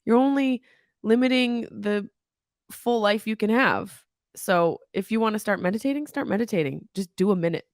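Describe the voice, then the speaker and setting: Clean studio-mic sound with no room echo carries this podcast host's mid-range voice at a normal speed. She's in her thirties and talks candidly and animatedly in a casual comedic monologue, swearing plenty and tossing in comic asides.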